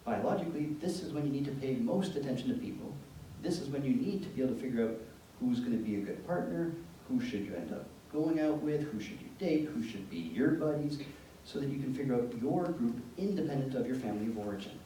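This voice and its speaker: A man giving an educational talk to parents, telling anecdotes in an animated, joking way. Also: mid-range voice, fast. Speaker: presenter speaking to parents. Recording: echoey room from far off, faint background noise.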